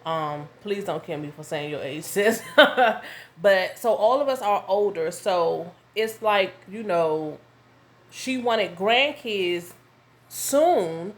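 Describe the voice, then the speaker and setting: A woman, telling a casual story to her viewers at home, animated and full of asides. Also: mid-range voice, takes it slowly. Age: 30s. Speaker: vlogger. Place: home with her young son nearby.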